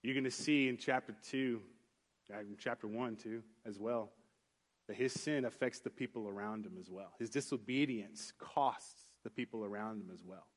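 A man's voice: lowish voice, moderate pace. A man preaching a sermon, telling a personal story in an earnest, conversational way with many restarts. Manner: earnest storytelling, rising into animated retelling with acted voices. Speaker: pastor.

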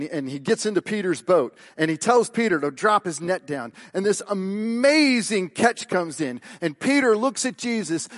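A man preaching a sermon, emphatic and questioning, retelling a gospel story. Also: high-pitched. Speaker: pastor.

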